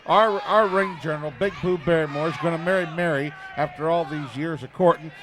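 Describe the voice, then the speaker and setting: High-voiced man hyping wrestling shows. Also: steady tone, fairly quick, crowd noise. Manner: folksy hype, repeats "I tell you what". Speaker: color commentator and promoter. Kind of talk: wrestling TV commentary with event promos.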